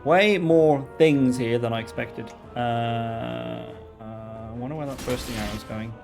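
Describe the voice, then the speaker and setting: A man giving live gameplay commentary, excitable, swearing and talking to himself as he plays. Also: mid-range voice, unhurried, vocal fry, over loud music. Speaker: gamer streamer.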